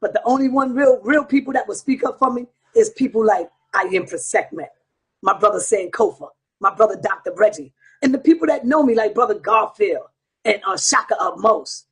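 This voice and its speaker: A man's voice: high voice, fairly quick, fairly bright tone, breathy edge. A man hosting an online show, delivering a heated, profane monologue straight to his viewers. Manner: profane, combative, preaching to viewers.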